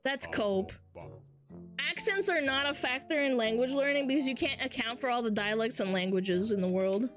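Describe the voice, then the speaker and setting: A woman's voice: fairly high pitch, moderate pace, faint music behind. A woman streamer chatting casually with her live chat, brash and swearing freely as she reads messages aloud.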